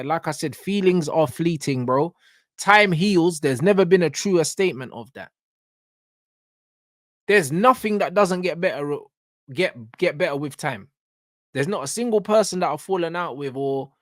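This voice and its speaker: A London-accented man holds forth on a reaction show with a high, insistent voice. He talks in heavy street slang, pressing his points hard and pausing to ask whether you're following. The sound is dry and close, with no room around it. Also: fairly bright tone, no echo. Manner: emphatic, street slang, keeps asking "you get me". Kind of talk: ranting reaction commentary.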